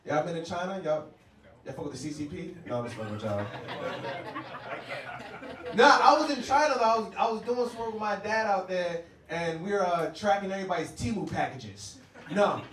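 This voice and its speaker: A man from the United States doing a brash stand-up set, ribbing the audience. His voice sits high. The room is echoey and the mic is some distance away. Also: lively intonation, a little fast. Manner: brash, joking, works the crowd. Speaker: stand-up comedian. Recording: roomy club sound, distant mic.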